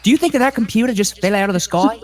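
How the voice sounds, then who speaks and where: A man's voice: high voice, rapid-fire, natural voice. A man voicing a condescending creationist apologist who lectures with patronizing, sing-song questions. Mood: mocking. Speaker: panelist.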